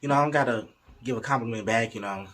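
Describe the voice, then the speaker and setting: A man's voice: mid-range voice, quick pace, a bit bright. A young man telling a frank, profane, playful story in a casual way, slipping into the voices of the people in it. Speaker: vlogger.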